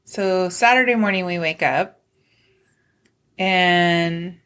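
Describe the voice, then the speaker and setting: A woman's voice: lowish voice, takes it slowly, fairly bright tone. Chatty, laughing middle-aged woman host. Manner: chatty, laughs often, tells stories. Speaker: podcast co-host. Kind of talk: casual chat.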